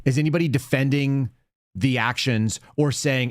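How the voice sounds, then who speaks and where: A man's voice: medium pitch, expressive, a little fast, dry recording, clean studio sound. A man hosting a live commentary show, talking in a blunt, indignant, rambling way. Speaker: show host.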